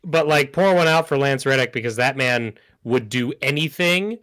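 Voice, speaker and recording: A man co-hosting a podcast, talking casually and in an animated way, often trailing off with "like". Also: mid-range voice, normal speed, clear, resonant tone. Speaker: podcast co-host. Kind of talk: casual chat.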